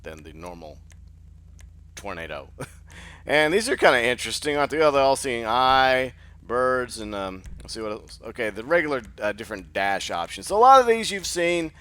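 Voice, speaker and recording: A man's voice: mid-range voice, sing-song, moderate pace, pushed and bright. A man hosting casual gameplay commentary, sleepy after just waking up, rambling and thinking aloud with lots of fillers. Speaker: gaming channel host.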